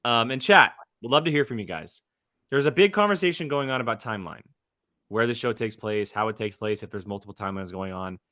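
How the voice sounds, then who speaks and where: A young man co-hosting a casual fan podcast, excitable and teasing as he talks. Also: medium pitch, brisk, dry recording, clean studio sound. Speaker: podcast co-host.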